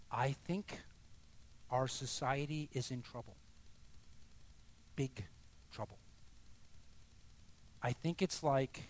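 A man preaching a sermon as pastor, emphatic and deliberate, sometimes dropping to a hushed near-whisper. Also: mid-range voice, slight background noise.

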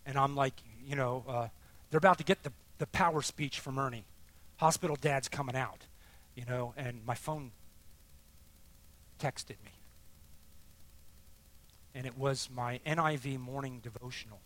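A man's voice: medium pitch, unhurried, long pauses. Emotional man telling a faith story. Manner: emotional storytelling, swings from hushed to loud and emphatic. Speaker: speaker sharing testimony. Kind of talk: sermon-style personal testimony.

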